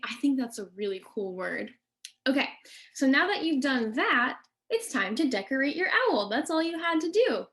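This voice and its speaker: A woman nature educator giving a children's lesson, talking slowly and in a friendly way to the kids. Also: high voice. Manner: friendly, slow, addressing kids directly.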